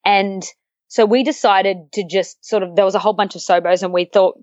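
A woman with an Australian accent, chatting as an interview guest and telling lively stories with frequent laughter. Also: on the low side, a little fast, no echo, highs cut off. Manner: animated storyteller, laughs often, acts out quotes. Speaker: interview guest, long-distance hiker. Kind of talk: casual interview chat.

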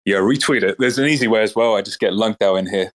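A man in a casual online audio chat lays out his ideas, filling his speech with "like" and "um". His voice is on the low side. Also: quick pace. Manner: explains with many "like"s. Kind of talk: casual discussion.

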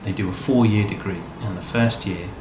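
A man's voice: lowish voice, steady tone, fairly quick. A man telling his life story in a casual interview, rambling and self-deprecating. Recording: echoey room, faint background noise.

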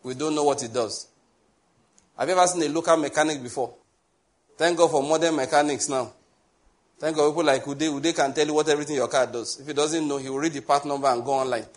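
A man with a Nigerian accent preaching a sermon as pastor, joking and digressing, then slowing down to spell out his points one by one. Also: fairly high pitch, steady tone. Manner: joking, digressive, laughs often between points; slow, spelled-out teaching with lists.

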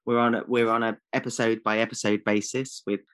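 A man's voice: fairly low pitch, flat delivery, brisk, fairly bright tone, smooth. A man co-hosting a comedy podcast, answering with defensive, sarcastic jokes. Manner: defensive, sarcastic jokey replies. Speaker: podcast co-host.

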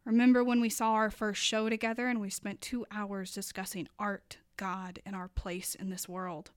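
A young adult woman performing a spoken word poem, her delivery moving between hushed passages and impassioned, rising lines. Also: mid-range voice, level tone, normal speed, smooth, no echo, studio quality. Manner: dramatic, building from hushed to impassioned.

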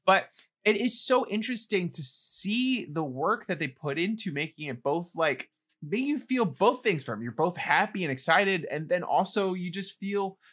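Lively higher-voiced man co-hosting a podcast. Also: moderate pace. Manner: chatty, explaining, reflective. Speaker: podcast co-host. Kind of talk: casual podcast chat.

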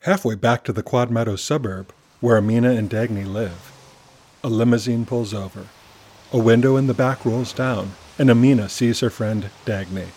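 A man reads a children's adventure story aloud in a calm, measured way. His voice is husky and a little breathy. His pitch sits in an ordinary middle range. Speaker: narrator. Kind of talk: storybook narration.

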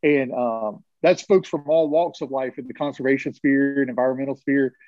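A man's voice: medium pitch, steady tone, moderate pace, a little mellow, dry recording, dull audio. A man hosting a casual live call-in podcast over a video call, teasing his callers. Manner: joking, teasing banter with callers. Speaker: podcast host.

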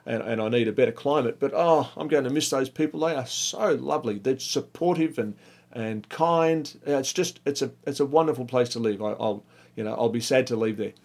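A man's voice: mid-range voice, a little fast, darkish tone, natural voice. A man voicing a cheerful, frail male traveller who stumbles over his words. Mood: fond. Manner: gushing, stumbling.

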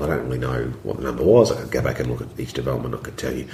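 The voice is extremely low, creaky and mellow, racing along with hardly any pauses. It's a property developer guesting on a podcast, rambling conversationally and quoting his own thoughts, in an echoey room.

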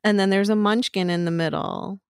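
A woman's voice: medium pitch, fairly even intonation, moderate pace, smooth, no echo, studio quality. A middle-aged woman co-hosting a podcast in casual chat, chatty and crude, laughing often.

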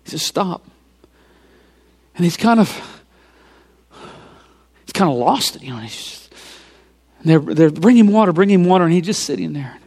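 A man preaching, retelling a film scene by scene in an animated storytelling sermon and dropping to hushed near-whispers for emphasis. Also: a little high, unhurried, long pauses, slightly rough.

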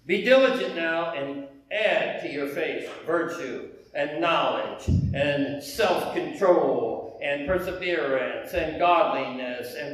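American male preacher, high voice, chatty delivery with rhetorical questions; captured distantly in a booming church hall. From United States. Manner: conversational, rhetorical questions to the congregation. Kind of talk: sermon. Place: church sanctuary. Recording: very echoey hall, heard from afar.

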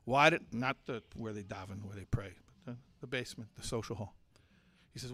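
A man teaching and preaching to a community audience, moving from hushed storytelling to forceful, impassioned exhortation. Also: lowish voice, a little fast, no echo. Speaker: Torah teacher and speaker.

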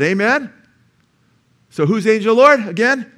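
Male pastor, higher-pitched, emphatic church sermon with rhetorical questions. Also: lively intonation, moderate pace, a bit bright.

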